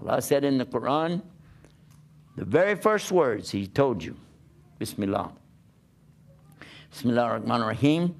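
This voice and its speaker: An older man with an American accent delivers a conversational sermon, leaning on stories and rhetorical questions to carry his listeners along. His voice sits at an ordinary middle pitch with a gravelly, creaky edge. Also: moderate pace, pauses often. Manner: animated storytelling with rhetorical questions. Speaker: Islamic preacher.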